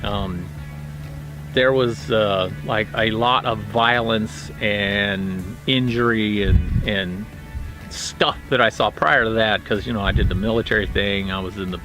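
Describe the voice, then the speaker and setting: A middle-aged man, a retired prison officer, telling his own stories in a plainspoken, blunt way, halting often with fillers. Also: on the low side, steady tone, over music. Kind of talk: casual storytelling monologue.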